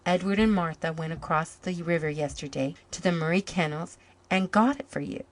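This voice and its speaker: A woman voicing a gentle, wistful motherly lady. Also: low voice, normal speed, no room sound, lightly acted. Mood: tender. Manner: soft, wistful delivery. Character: gentle lonely older woman, tender and motherly.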